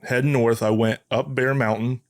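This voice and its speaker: A man hosting a podcast, telling a story in an animated, casual way with frequent restarts. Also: mid-range voice, moderate pace, no echo, clean studio sound. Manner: animated anecdote teller with many restarts. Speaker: podcast host.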